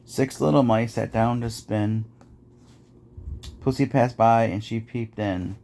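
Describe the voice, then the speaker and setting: A man's voice: mid-range voice, steady tone, slow pace, mellow. A man reading nursery rhymes aloud in a rhythmic, sing-song way, as host of a podcast.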